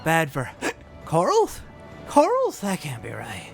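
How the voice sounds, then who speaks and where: A man's voice: on the high side, sing-song, normal speed, fairly bright tone, soft background music. A man voicing a drunk, rowdy male sailor who rambles in a slurred pirate-style dialect. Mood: drunken rambling.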